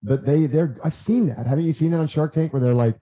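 A man guesting on a podcast, telling stories in a lively, rambling way and acting out what others said. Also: a little high, fast talker, low-quality recording. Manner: animated, acts out quotes, frequent restarts. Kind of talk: casual storytelling chat.

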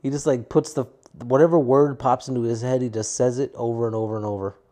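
Tired, downbeat man with a mellow voice. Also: mid-range voice, fairly even intonation, fast. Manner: profane, rambling, tired and downbeat. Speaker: podcast host. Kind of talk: casual solo podcast rant.

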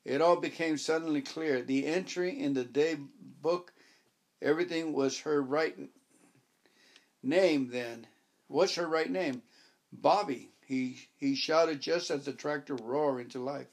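With a fairly high-pitched voice, a male narrator delivers a first-person audiobook in a dry, even manner, voicing the dialogue he speaks in the story.

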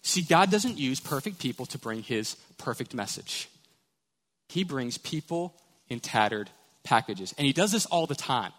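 Animated male pastor in a reverberant church. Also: mid-range voice, unhurried. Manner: animated, storytelling. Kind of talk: sermon. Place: church sanctuary.

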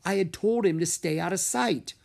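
A man's voice: high-pitched, normal speed, gravelly, pitched above the performer's own voice. A man voicing a brave young boy who trains dragons, speaking in an earnest, eager tone.

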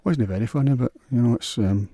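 A man's voice: medium pitch, fairly quick, warm tone, no room sound, studio quality. A man with a Scottish accent hosting a solo podcast, rambling in a crude, sweary, offhand way. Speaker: podcast host.

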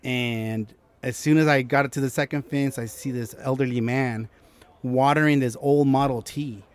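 A male guest in a casual interview recounts events loosely and with energy, at an average pitch and normal speed. He imitates the people he quotes and frequently starts his sentences over, so it sounds like a relaxed chat.

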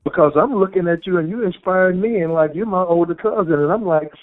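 A man's voice: sits high, a little fast, phone-quality sound. A man hosting a podcast who tells a childhood story in a reflective way and affirms his guest often. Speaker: podcast host. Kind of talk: conversational interview.

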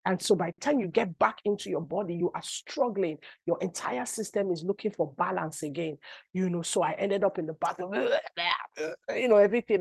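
Speaking briskly in a mid-range voice that is gravelly and slightly rough, a middle-aged woman preacher, also an apostle, relates personal testimony in her sermon. Her animated stories rise to cries, and the recording is dry.

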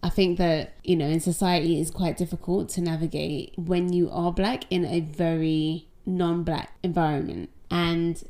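A woman's voice: on the low side, steady tone, normal speed, hardly any pauses, mellow. A woman with an English accent hosting a podcast, telling candid, rambling stories in a casual monologue. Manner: chatty, candid, rambling storytelling. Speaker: podcast host.

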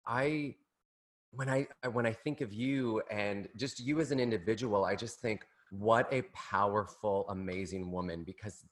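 A man hosting a casual chat, talking in an emotional, halting way with many restarts. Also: lowish voice. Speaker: podcast host.

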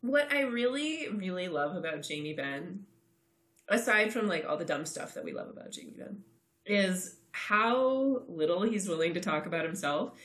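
Female podcast co-host, chatty and bright, roomy reverb. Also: on the low side, very animated, normal speed. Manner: chatty, laughs often. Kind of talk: casual sports chat. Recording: roomy echo.

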